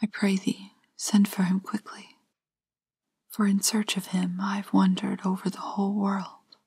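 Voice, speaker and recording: A woman's voice: mid-range voice, little pitch movement, unhurried, vocal fry, a little mellow, breathy edge. A woman voicing a grieving beggar mother in a whispered role-play from a storybook fairytale, pleading in old-fashioned speech.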